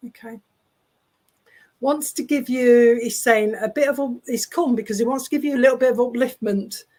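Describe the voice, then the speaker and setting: A woman spiritualist medium relays messages from spirits over a video call. Her voice is a little high and a little mellow, and her delivery is chatty, halting and reassuring.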